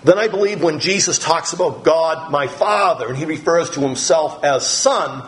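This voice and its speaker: A middle-aged pastor preaching a sermon, teaching from the Bible in a slow, deliberate way with pauses and fillers. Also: male voice, a little high, poor audio.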